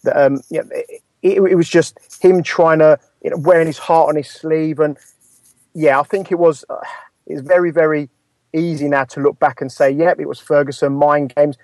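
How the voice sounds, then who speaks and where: A man's voice: fairly high pitch, steady tone, moderate pace, a little mellow, no echo. A man, a Manchester United fan, giving a thoughtful, hedging take in a casual podcast chat.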